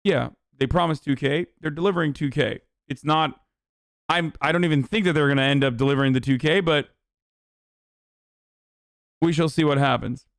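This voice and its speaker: A man's voice: on the high side, fairly even intonation, normal speed, pauses often, no room sound, clean studio sound. A young man streaming political commentary, ranting bluntly with a lot of swearing and exasperation. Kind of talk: casual livestream commentary.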